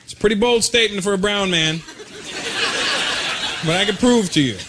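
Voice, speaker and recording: A man from Canada performing a stand-up comedy set on stage, animated and slipping into impressions for punchlines. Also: high voice, normal speed. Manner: animated, mimics voices for punchlines. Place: comedy stage before a laughing audience. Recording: loud crowd laughter and noise.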